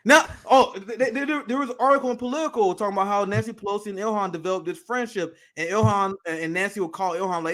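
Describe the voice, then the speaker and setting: A man's voice: high-pitched, fast, few pauses, fairly bright tone. A man co-hosting a political talk show, speaking bluntly and profanely, often laughing and stammering through restarts. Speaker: political podcast co-host.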